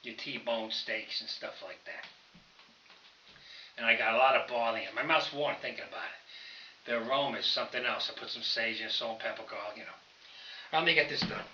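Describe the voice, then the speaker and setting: A man's voice: medium pitch, fairly quick, pauses often, pushed and bright, a little hiss or hum. An older man chatting casually to camera while lifting at home, rambling and folksy as he calls his viewers fellas. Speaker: home powerlifting vlogger. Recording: roomy, distant, dull camera audio.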